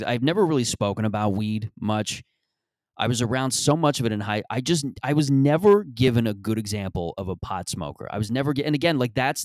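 A man's voice: medium pitch, darkish tone, no echo. A man hosting a comedy podcast, rambling through a profane, self-deprecating monologue. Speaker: comedian host.

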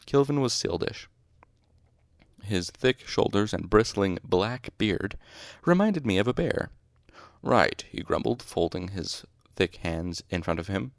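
A man's voice: lowish voice, lively intonation, a little slow, dry recording, studio quality. A man casually reading a novel aloud, stopping now and then to correct his slips. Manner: informal, stops to correct slips. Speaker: audiobook reader. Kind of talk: casual amateur audiobook narration.

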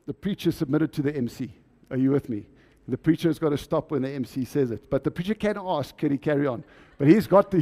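Male preacher, sermon delivery, warm dark timbre, rhetorical questions to the room. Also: on the high side.

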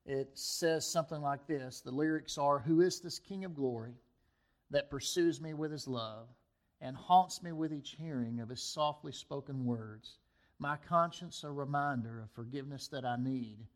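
A man's voice: medium pitch, normal speed. A man preaching a sermon to his congregation, reading scripture and a poem aloud with rising emphasis. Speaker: pastor.

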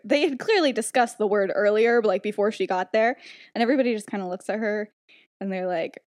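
A giggly woman with a fairly high voice retells a story in a casual, chatty way, slipping into quotes of the characters. Her voice sounds close and dry, with no room around it. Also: animated, a little fast, darkish tone, no room sound. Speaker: podcast host retelling a story.

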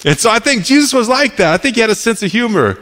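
A man's voice: sits high, big pitch swings, quick pace, fairly bright tone. A man in his thirties preaching a casual, conversational sermon, often repeating words as he restarts his sentences. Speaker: pastor. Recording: echoey hall.

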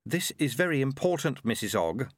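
A man voicing a calm, determined young woman who speaks in a measured, gently persistent way. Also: medium pitch, dry recording, studio quality, pitched above the performer's own voice. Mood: probing.

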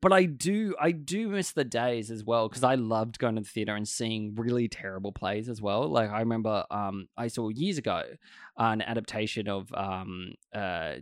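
A man's voice: on the low side, moderate pace, dry recording. Laid-back man, dry sound. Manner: relaxed storytelling, laughs between phrases. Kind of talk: casual chat.

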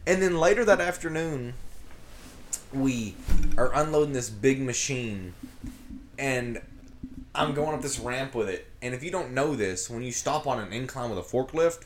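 A man, co-hosting a podcast, telling a work story in a casual, animated way and laughing through it. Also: mid-range voice, normal speed, a little hiss or hum. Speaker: podcast co-host. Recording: roomy echo.

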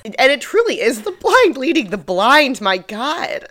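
A woman's voice: high voice, unhurried. A woman co-hosting a podcast, chatting casually about a TV episode with frequent exclamations. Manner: expressive, exclaims and laughs often. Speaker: podcast co-host. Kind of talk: casual episode recap chat.

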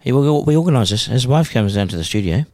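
A middle-aged New Zealand man, a broadcaster, telling stories in a casual, animated way and acting out phone calls. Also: mid-range voice, quick pace. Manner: animated, acts out phone calls in character voices. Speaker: broadcaster guest. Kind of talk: casual storytelling.

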